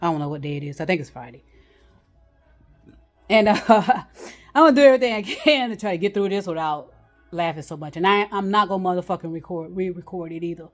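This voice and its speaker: A woman with a fairly low voice talks straight to her viewers without a script. She rambles from thought to thought, blunt and profane, often breaking into a laugh before going on. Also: racing, faint music behind. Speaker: channel host giving communication tips. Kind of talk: unscripted casual monologue.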